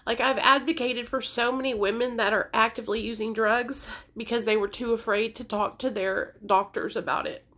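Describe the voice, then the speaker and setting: A woman's voice: fairly high pitch, steady tone, moderate pace, few pauses, a bit bright. A young woman talking to camera in an emotional personal vlog, earnest and pleading, crying as she speaks. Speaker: content creator sharing recovery story.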